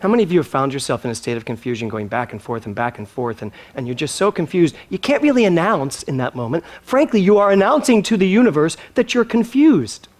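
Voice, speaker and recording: Male speaker, spiritual talk, high voice with big swoops in pitch, teasing and theatrical. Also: sing-song, fast talker, few pauses, darkish tone. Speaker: minister.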